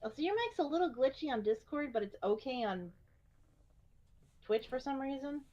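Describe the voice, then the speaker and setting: A woman's voice: sits high, expressive, normal speed, mellow, highs cut off. A woman chatting casually on a gaming stream, rambling and joking about her computer troubles.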